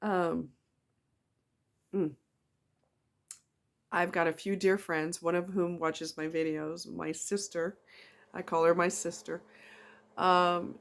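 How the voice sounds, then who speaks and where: A woman's voice: fairly low pitch, level tone, takes it slowly, vocal fry, pauses often. A woman chatting casually to camera in a rambling, emotional vlog. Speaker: vlogger.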